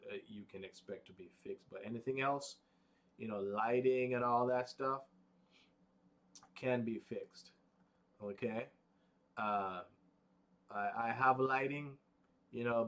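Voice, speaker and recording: A man talks to his viewers in a loose, unhurried vlog. His voice sits low and barely moves in pitch. He stutters and restarts often, with plenty of fillers along the way. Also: fairly bright tone. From United States, Pacific time zone. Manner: unhurried, rambling, low-key. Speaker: vlog host. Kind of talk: casual live vlog talk.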